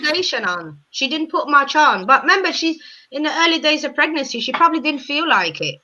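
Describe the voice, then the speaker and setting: A woman's voice: high-pitched, very animated, brisk, bright, forceful tone, slight background noise. Chatty woman on slightly dull audio. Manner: chatty, agreeable, playful. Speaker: co-host reacting to a reality show. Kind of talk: casual chat.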